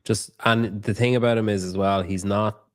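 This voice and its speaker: A man's voice: lowish voice, steady tone, moderate pace, clean tone, no echo, clean studio sound. A man hosting a podcast, chatting loosely and swearing freely as he asks questions. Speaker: podcast host. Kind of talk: casual interview chat.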